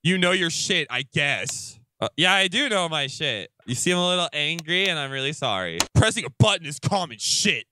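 A man's voice: a little high, very animated, moderate pace, few pauses, background noise. A man teasing other players in casual game voice chat, brash and sarcastic. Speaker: YouTuber roleplaying in an online game.

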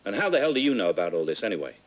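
An actor playing an exasperated, defensive architect who protests indignantly in a film scene. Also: male voice, fairly low pitch, big pitch swings, very fast. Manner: indignant, raising his voice. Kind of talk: feature film dialogue.

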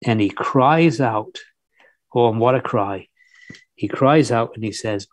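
A man's voice: medium pitch, measured pace, long pauses, no room sound. A man preaching a sermon, fervent and earnest, often restarting his phrases.

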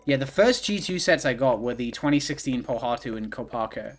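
A man streaming himself playing a video game, reacting out loud and swinging from low mumbles to sudden outbursts with lots of swearing. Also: moderate pace. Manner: excitable, profane, swings from mumbling to yelling. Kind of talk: live gaming commentary.

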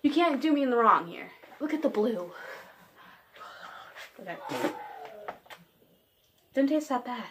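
A woman's voice: fairly high pitch, animated, measured pace, long pauses, slight background noise. A teenage girl chatting casually on her vlog, giggly, scattered and self-deprecating, jumping from one thing to the next. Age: teens. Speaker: vlogger. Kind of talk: casual rambling vlog chat.

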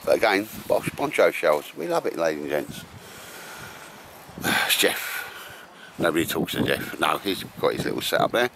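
A man's voice: extremely low pitch, big pitch swings, normal speed, gravelly. A man filming his camping weekend, chatting in matey banter and saying "mate" all the time. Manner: matey banter, says "mate" and "bosh" constantly. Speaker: vlogger. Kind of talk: casual chat while filming a camping trip. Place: outdoors at a windy campsite. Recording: faint wind and outdoor noise.

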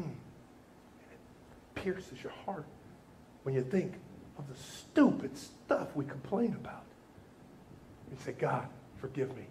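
A man preaching a Sunday sermon as the church's pastor. He tells lively stories and moves into a quiet, earnest prayer. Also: mid-range voice, slight background noise. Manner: animated storytelling, softening into prayer. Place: church sanctuary.

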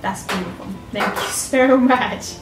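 An older woman, chatting to camera as a vlogger opening fan mail, gasping and gushing with excitement. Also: medium pitch, a little slow, music in the background. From Southern United States. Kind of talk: casual chat to camera. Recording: echoey room, mic a bit far off.

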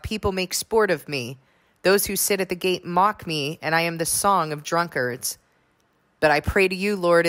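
A woman's voice: low-pitched, fairly bright tone. A woman reading a psalm aloud and commenting on it, earnest and challenging her listeners with pointed questions. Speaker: Bible teacher.

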